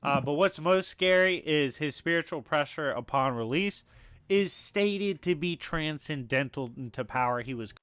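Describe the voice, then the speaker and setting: A man narrating a scripted argument in a brisk, matter-of-fact way, his voice a little raspy today, with filler ums. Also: on the high side, expressive, fairly bright tone, no room sound. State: slightly raspy voice. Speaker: video essay narrator.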